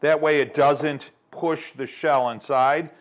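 A man's voice: a little high, fairly even intonation, slow pace. A middle-aged man hosts a cooking show in his home kitchen, talking to viewers in an upbeat, chatty way. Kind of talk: casual cooking demonstration.

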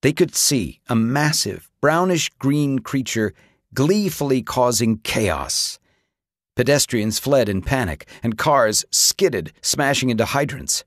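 A man reading an audiobook with dramatic, expressive narration. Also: mid-range voice, measured pace, no room sound, clean studio sound. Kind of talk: scripted narration.

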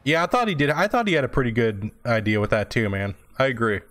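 Bright, very animated and fast, a medium-pitched male voice carries this casual live stream. The young gamer swears liberally, chats loosely, and fields viewer comments mid-play.

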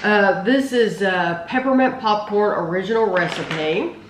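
A woman's voice: mid-range voice, unhurried. A woman hosting a casual taste-test video, talking effusively and full of praise about snacks. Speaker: food reviewer, channel host. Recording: roomy with faint noise.

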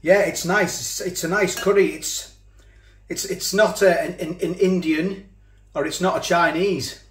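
A man's voice: sits high, fairly even intonation, unhurried, a bit bright, reverberant. A man casually reviewing a ready meal, chatting and eating as he talks, with cutlery clinking. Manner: chatty, eats while talking, repeats himself. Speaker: food reviewer.

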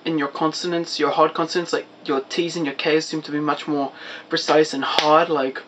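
A man's voice: on the high side, flat delivery, moderate pace, fairly bright tone, a little hiss or hum, low-quality recording. A young American man on a casual vlog, trying for a British accent that comes out Scottish, rambling and apologetic with many hesitations. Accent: put-on British attempt that comes out Scottish. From United States. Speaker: vlogger.

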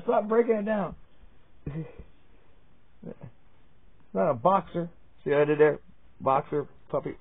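With a rather high, slightly rough voice and lively intonation, a man teases his dogs and swears freely as he films them at home, in casual, playful talk. He speaks unhurriedly and pauses often, and the audio is tinny like a phone's.

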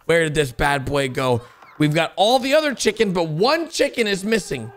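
A young man giving excited reaction commentary on animated videos, with an exclamatory, animated way of talking. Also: on the high side, normal speed. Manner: animated, exclamatory, frequent gasps and laughs. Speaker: gaming YouTuber reacting to animations.

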